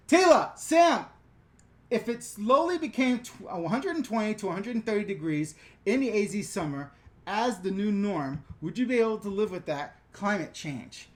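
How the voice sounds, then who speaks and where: Blunt, joking male live-stream host. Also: high-pitched. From New York/New Jersey area. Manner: joking, blunt, reads comments aloud. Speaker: channel host answering viewer questions. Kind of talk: casual live-stream chat.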